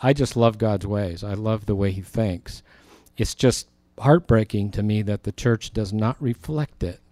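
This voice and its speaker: A man's voice: fairly low pitch, measured pace, mellow, dry recording. A man, a pastor, teaching through a Bible passage and reading verses aloud with earnest emphasis.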